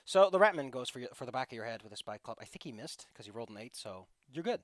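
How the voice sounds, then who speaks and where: A man's voice: mid-range voice, big pitch swings, fast, dry recording, studio quality. A man running a tabletop game as game master, narrating combat and rules in a chatty, joking way over a voice call.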